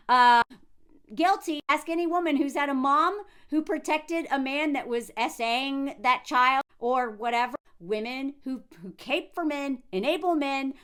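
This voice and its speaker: A young adult woman giving blunt, animated reaction commentary with quick asides. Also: high voice. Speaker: commentary vlogger.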